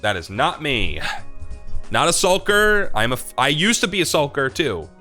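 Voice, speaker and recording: A young man hosting a livestream, answering chat questions in rambling, confessional casual talk, swearing freely and filling pauses with "like" and "um.". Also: fairly high pitch, very animated, pushed and bright, soft background music.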